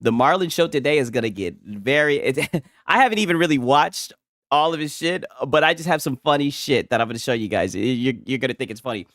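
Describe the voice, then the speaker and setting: A man's voice: mid-range voice, animated, brisk, a bit bright, no room sound, clean studio sound. A man hosting casual gaming commentary from a home setup, talking in a profane, mocking way and laughing often.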